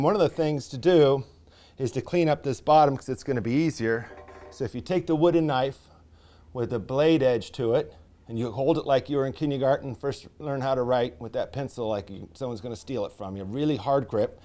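A man, a pottery professor, giving a live step-by-step wheel demonstration with folksy comparisons, dropping to a quiet mutter as he works the clay. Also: mid-range voice, a little fast.

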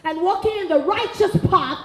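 High-voiced South African woman preaching frankly. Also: normal speed. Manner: frank, humorous storytelling with quoted dialogue. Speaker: speaker at a women's ministry event. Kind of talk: sermon-style motivational talk. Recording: echoey hall.

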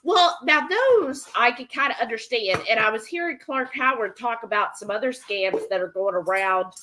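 A woman's voice: a little high, expressive, moderate pace, bright, forceful tone, slight background noise. A woman hosting a live cooking stream from her home kitchen, chatting casually and rambling as she reads viewer comments aloud. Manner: chatty and rambling, with many fillers. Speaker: livestream cooking host.

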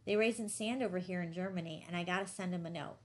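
Audiobook: woman does wry teasing young man, mock-polite, lowish. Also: quick pace, darkish tone, close to an everyday voice. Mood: mock formal. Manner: teasing, whining, mock deference. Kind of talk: audiobook dialogue reading.

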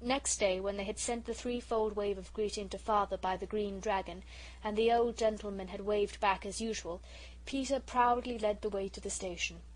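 A woman reading a classic children's novel aloud as an audiobook narrator, in a calm storytelling way. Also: mid-range voice, normal speed, poor audio. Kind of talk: scripted narration.

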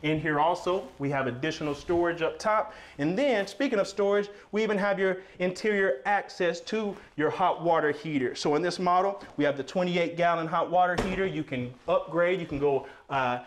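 High-voiced upbeat salesman leading a tour. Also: normal speed, few pauses. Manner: upbeat, playful sales patter with jokey asides. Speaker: sales host giving a home tour. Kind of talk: promotional walkthrough.

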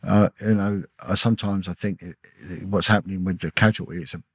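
A man's voice: low-pitched, fairly even intonation, fairly quick, slightly rough, dry recording. A middle-aged man, a former detective as a podcast guest, telling an emotional personal story intensely and acting out the dialogue. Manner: intense, repetitive, acts out quoted dialogue.

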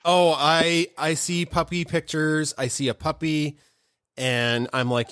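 A man's voice: a little high, level tone, takes it slowly, fairly bright tone, clear, resonant tone. A man hosting a casual live audio chat, rambling and joking as he goes. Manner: rambling, joking, self-interrupting. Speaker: host.

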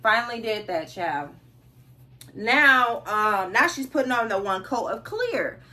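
A woman's voice: on the high side, very animated, a little slow, sharp tone. A young woman vlogging casually, telling a story and acting out the quoted dialogue with lots of animation.

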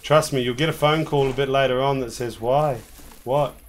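A New Zealand man running a game stream talks fast in a mid-range voice with fairly even intonation, rambling and joking with his co-player and the audience. His casual commentary has slight background noise behind it.

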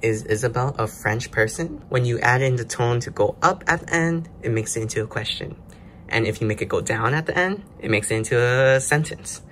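Man, mid-pitch, casual lesson host, explains step by step, faint noise behind. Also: a little fast, a bit bright. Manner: explains step by step, loose and chatty. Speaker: language learner host. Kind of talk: casual self-study lesson.

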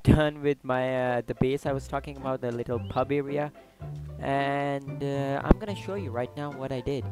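Excitable man narrating his gameplay. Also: medium pitch, rough recording. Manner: excitable, loud outbursts, swears and jokes. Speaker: gaming YouTuber. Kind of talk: casual gameplay commentary.

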